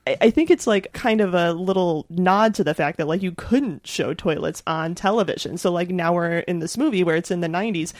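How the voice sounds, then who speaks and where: A woman's voice: lowish voice, fairly quick, hardly any pauses, a little mellow, dry recording, clean studio sound. A woman co-hosting a film podcast, chatting casually and filling her talk with "like". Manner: filler-heavy, says "like" constantly. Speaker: podcast co-host.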